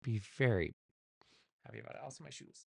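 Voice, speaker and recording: A man's voice: mid-range voice, expressive, brisk, vocal fry, a little mellow, dry recording, clean studio sound. A man hosting his own solo podcast, chatting without a script in a rambling, candid way and swearing casually, recorded at home. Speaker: podcast host. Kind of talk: unscripted solo podcast chat.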